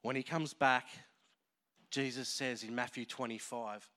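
Man preaching, pastor, emotional, animated, acts out voices, mid-pitched voice. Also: measured pace. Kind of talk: sermon.

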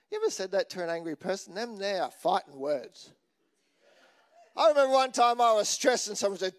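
A man's voice: high voice, expressive, a little fast. A man preaching a sermon in a chatty, joking way, asking the congregation questions as he goes. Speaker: pastor.

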